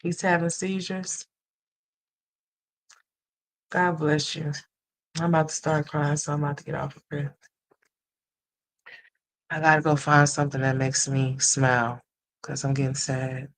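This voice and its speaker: A livestream host talking straight to the chat in a loose, casual way. The voice sits at an ordinary middle pitch. It is blunt and salty one moment and sweetly affectionate the next, calling viewers honey and sweetheart. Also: fairly even intonation, unhurried, pauses often. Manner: blunt and profane, switching to tender and emotional.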